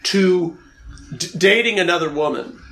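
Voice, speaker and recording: A man co-hosting a comedy podcast, reading a listener's letter aloud in a deliberately flat, unsexy way and chatting casually. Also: high-pitched, a little hiss or hum.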